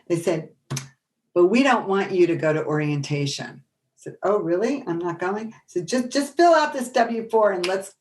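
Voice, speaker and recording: A middle-aged woman presenting a workshop, telling animated stories and acting out the voices of people she quotes. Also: lowish voice, a little hiss or hum. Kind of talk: storytelling lecture.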